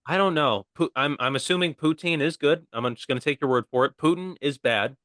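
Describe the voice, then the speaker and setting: Young American man, podcast co-host, bright tense tone, dry sound, playful banter. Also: on the high side, fairly quick, no room sound. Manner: joking, playful, fond of silly voices. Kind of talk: casual comedy podcast chat.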